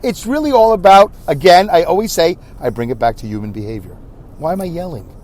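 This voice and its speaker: A man's voice: on the high side, lively intonation, brisk, darkish tone. A man with a New York accent from Brooklyn, hosting a podcast in a rambling, chatty way, correcting himself and going off on asides. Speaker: podcast host. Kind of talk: casual solo podcast chat.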